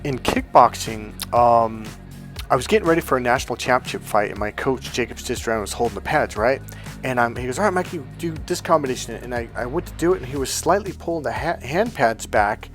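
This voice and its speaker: A male life coach telling stories in a casual, animated way, bluntly swearing and acting out the people he quotes with raised voices. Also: medium pitch, brisk, soft background music. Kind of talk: casual storytelling monologue.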